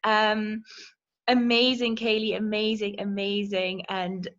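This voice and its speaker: A woman's voice: medium pitch, level tone, slow pace, a bit bright, highs cut off. A woman hosting a casual live stream from home, bubbly and greeting her viewers by name. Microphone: phone.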